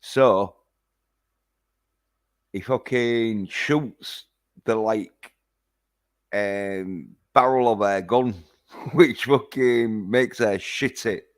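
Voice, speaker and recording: A man's voice: on the low side, very slow, pauses often. A man recapping a film in a casual, rambling way, full of hesitations and swearing. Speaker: film reviewer.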